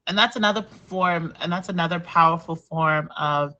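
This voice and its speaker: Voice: medium pitch, normal speed, pushed and bright, highs cut off. A podcast host responding with earnest encouragement in casual chat, repeating points for emphasis.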